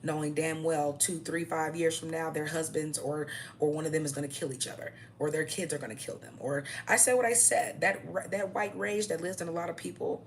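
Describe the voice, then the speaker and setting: A woman's voice: low voice, fairly even intonation, fairly quick, a little hiss or hum. A young adult woman ranting to camera in a blunt, mocking, profane way, often tagging her points with "okay?". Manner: repeats "okay?" as a tag. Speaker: vlogger.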